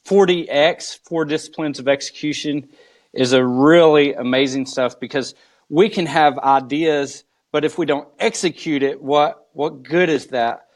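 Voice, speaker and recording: A man who is a lead pastor, guest in a live video interview, telling church stories slowly and deliberately. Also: a little high. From United States. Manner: slow, drawn-out storytelling.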